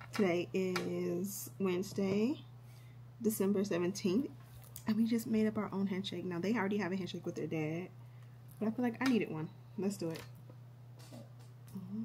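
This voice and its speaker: Chatty mom vlogging to camera. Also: female voice, slight background noise. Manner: chatty and candid, with lively jumps in pitch. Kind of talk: casual vlog chat to camera.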